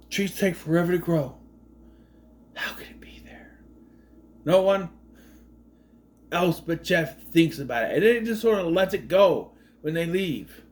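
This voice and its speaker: A man casually recapping a movie, rambling with fillers and restarts and dropping sardonic, questioning asides. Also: a little high. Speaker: movie commentary host.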